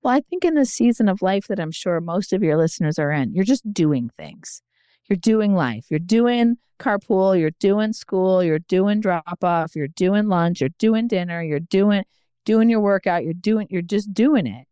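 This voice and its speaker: A woman's voice: medium pitch, expressive, normal speed, mellow, clear, resonant tone, no room sound, clean studio sound. A woman guest on a podcast, telling her story in a candid, earnest and reflective way.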